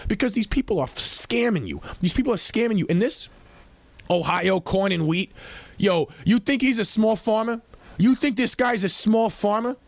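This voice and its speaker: A man's voice: high voice, dry recording. A man commenting on video clips in a heated, casual way, full of slang, who repeats himself when worked up.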